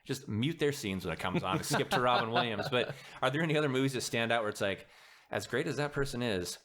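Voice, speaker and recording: A man hosting a podcast, chatty and lively, asking his guests questions. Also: mid-range voice, fast, heavy background noise. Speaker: podcast host. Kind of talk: casual podcast chat.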